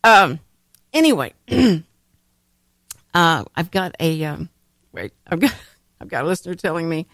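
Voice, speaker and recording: A woman's voice: fairly low pitch, big pitch swings, unhurried, pauses often, dry recording. A woman hosting a radio talk show, chatting in a rambling way and laughing often. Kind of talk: casual chat. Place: radio studio. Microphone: studio microphone.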